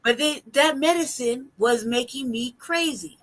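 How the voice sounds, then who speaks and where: This young podcast co-host speaks in a high voice at a measured pace, telling stories in relaxed chat filled with swearing and frequent laughter. The recording quality is rough.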